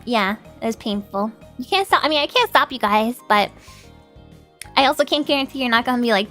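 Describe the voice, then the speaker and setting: A woman's voice: on the high side, a bit bright. Chatty stuffed-up woman streamer. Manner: chatty, laughs often, greets chat by name. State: stuffed-up nose. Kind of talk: casual livestream chat.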